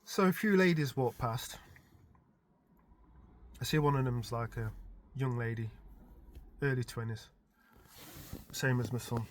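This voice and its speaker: A man's voice: medium pitch, unhurried, long pauses, a little hiss or hum. A middle-aged man casually telling a rambling story about a dream, chuckling often and filling his talk with "like" and "type thing". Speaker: vlogger recounting his dreams.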